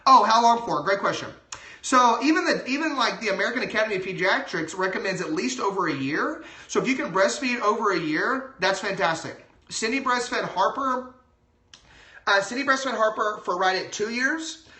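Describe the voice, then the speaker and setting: Excited male doctor, chatty livestream host, bright tone, echoey room. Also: high-pitched, normal speed. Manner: excited, chatty, lots of asides. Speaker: doctor giving health advice. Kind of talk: casual livestream talk.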